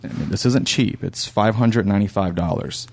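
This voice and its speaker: A man with a fairly low voice co-hosts a relaxed podcast. He reads a listener's email aloud and then runs through tour details and prices in an easy, matter-of-fact way. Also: normal speed, husky. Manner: reads listener mail and lists details plainly. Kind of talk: casual podcast chat.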